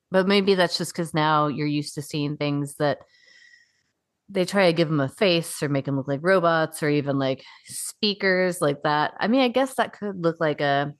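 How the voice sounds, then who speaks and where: A woman's voice: low voice, normal speed, no room sound, clean studio sound. A young adult woman co-hosting a podcast in a casual chat, rambling, laughing often and swearing in passing. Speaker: podcast co-host.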